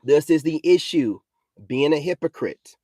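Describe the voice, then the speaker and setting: Preachy ranting man, mellow voice. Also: a little high, expressive, unhurried, no room sound. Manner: preachy and combative, repeats himself, says "you know what I'm saying" often. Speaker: self-styled spiritual vlogger. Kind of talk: ranting vlog monologue.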